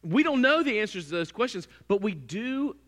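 Male preacher with a bright, forceful voice, playful and animated, in an echoing hall. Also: high-pitched, moderate pace. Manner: animated, humorous storytelling. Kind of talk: sermon.

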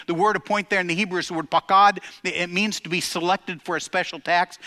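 A man's voice: high voice, steady tone, fairly quick, few pauses, sharp tone. An older man preaching a sermon as pastor, emphatic and repeating key phrases for effect. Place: church gathering.

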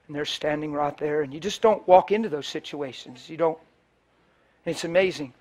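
A man, a pastor, preaching a sermon with passion, swinging from loud bursts to hushed storytelling. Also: a little high, normal speed.

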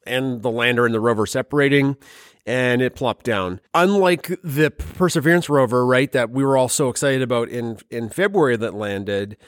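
A man talks through science news in a loose, jokey podcast style. His voice sits at an ordinary middle pitch and is recorded close and dry. He throws in playful quoted voices as he goes. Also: no echo. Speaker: podcast host. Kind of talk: casual science podcast chat.

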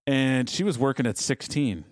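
A man's voice: mid-range voice, animated, moderate pace, no echo, studio quality. A man in his forties co-hosting a podcast, chatting casually and teasing his co-host, often laughing as he tells stories. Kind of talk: casual chat.

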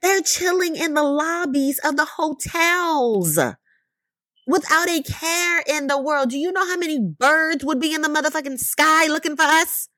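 A woman's voice: high-pitched, measured pace, bright, forceful tone, dry recording. A woman giving an impassioned, profane commentary monologue, full of rhetorical questions and emphatic repetition. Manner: emphatic, profane, rhetorical questions, repeated "you know what I mean".

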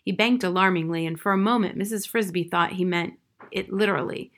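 A woman reading a children's novel aloud in a measured storytelling manner. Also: fairly low pitch. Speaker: audiobook reader.

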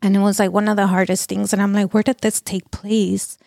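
Halting middle-aged woman, gravelly voice. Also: mid-range voice, little pitch movement, mellow, no room sound, clean studio sound. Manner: halting, many restarts and "like" fillers. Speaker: guest. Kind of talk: emotional personal testimony.

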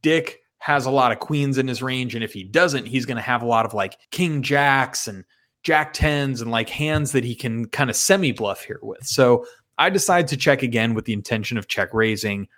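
A man walks through his poker hands one by one in a relaxed, conversational recap. His voice sits at an ordinary middle pitch. He swears freely and pokes fun at himself as he goes. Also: moderate pace. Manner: chatty, profane and self-mocking. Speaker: poker player. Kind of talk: casual poker hand recap.

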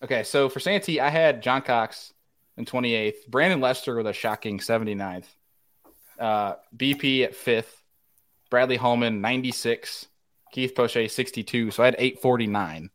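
A man's voice: medium pitch, normal speed, fairly bright tone. A man hosting a casual fishing chat, reading out scores, teasing his friends and laughing often. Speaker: host.

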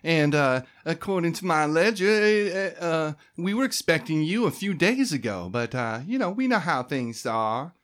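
A cheery, patronizing desk clerk woman, as a man puts her on, pitched up high and bouncing around with polite little fillers. She sounds businesslike and sweet, with a faint talking-down edge. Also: expressive, normal speed, few pauses. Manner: chirpy, polite, with hesitant fillers. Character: friendly, condescending human woman clerk. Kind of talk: tabletop role-play character voice.

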